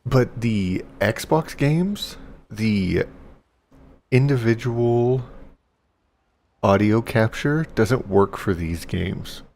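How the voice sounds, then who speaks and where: A man's voice: fairly low pitch, expressive, extremely slow, long pauses, a little mellow, a little hiss or hum. A young man streaming a game, rambling and self-mocking with casual commentary. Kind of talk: casual live gameplay commentary.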